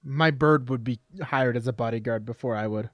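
A man's voice: medium pitch, a little fast, a bit bright, no echo. A man co-hosting a podcast in casual, joking chat, swearing often and rambling. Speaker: podcast co-host.

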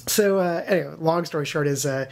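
A game studio co-founder's gravelly, fairly high voice moves briskly as he tells a story in an informal interview. Lively and theatrical, he acts out the quoted voices, and his telling is crowded with fillers and restarts.

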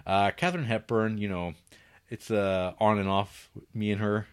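A man co-hosts a film podcast, reviewing movies in a casual, profane way, laughing and sarcastically acting out scenes. His voice sits on the low side, smooth and steady, at a moderate pace.

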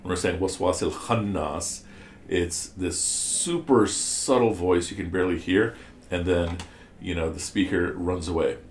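The speaker is a man with a low-pitched voice, talking a little slowly in an echoey room with a little hiss or hum. He teaches a class on scripture, explaining step by step, asking questions of the students, and restarting many times.

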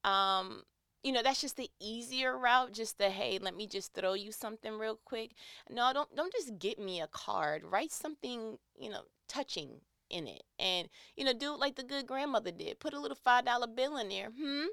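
A young adult woman in casual chat, animated and teary as she tells personal stories and acts out quoted lines. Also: fairly high pitch, normal speed, creaky, clean tone, dry recording, clean studio sound. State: tearing up.

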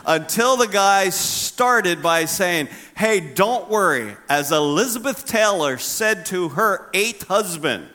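Bright-voiced middle-aged male pastor preaching. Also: takes it slowly, hardly any pauses. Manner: conversational, humorous, acts out quotes with lively pitch swings. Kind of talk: sermon.

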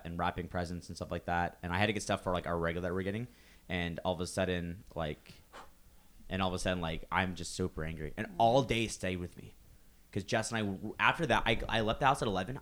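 A man chatting casually with friends, telling animated stories and swearing freely. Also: low-pitched. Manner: animated storytelling with frequent swearing. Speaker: retail worker.

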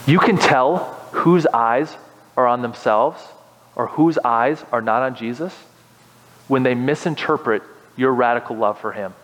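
A young man preaching a sermon as pastor, animated and building to impassioned exhortation. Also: medium pitch, unhurried, in a large hall, rough recording.

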